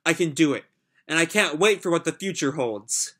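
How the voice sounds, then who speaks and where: A man reading as an eager, anxious young boy, earnest and determined, raised bright voice, comic read-aloud. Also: fairly high pitch, expressive, normal speed.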